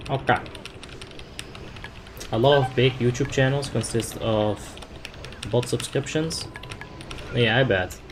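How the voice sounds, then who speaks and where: A man's voice: mid-range voice, slow, long pauses, noisy background. A young man casually commenting on his gameplay, reading chat aloud and explaining tactics in a laid-back, filler-heavy way. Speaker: game streamer.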